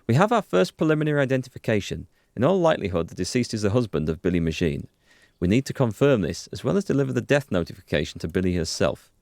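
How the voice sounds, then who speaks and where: A man voicing a calm, methodical police lieutenant giving a measured briefing. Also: fairly low pitch, creaky, no room sound, clean studio sound. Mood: serious.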